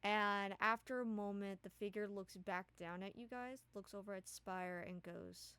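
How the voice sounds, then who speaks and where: A woman's voice: medium pitch, fairly even intonation, moderate pace, bright, forceful tone, clear, resonant tone, dry recording. A woman narrating as game master of a tabletop game, casual and full of fillers.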